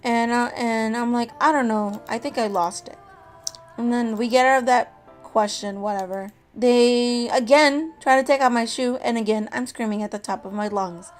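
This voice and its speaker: Young woman vlogger, slightly high voice, quick swings between loud outbursts and muttering, lots of swearing, faint music under her. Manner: animated, profane, acts out quoted people. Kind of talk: casual storytime vlog.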